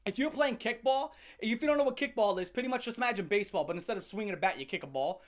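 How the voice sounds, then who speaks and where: A woman hosting a comedic rant. She tells stories in a loud, profane way, fires off repeated rhetorical questions, and breaks into laughs. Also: mid-range voice, very fast. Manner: animated, profane storytelling with sudden shouts and laughs. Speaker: channel host.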